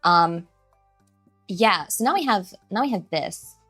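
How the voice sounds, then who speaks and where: A woman's voice: mid-range voice, expressive, takes it slowly, sharp tone, breathy edge, dry recording, faint music behind. A woman streamer chatting casually at her setup, giggly, scattered and self-deprecating, often restarting her sentences. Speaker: streamer, virtual avatar host. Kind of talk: casual live-stream chat.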